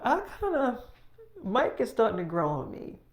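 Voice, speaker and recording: Woman doing a soft-spoken young companion. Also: fairly high pitch, sing-song, moderate pace. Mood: calm.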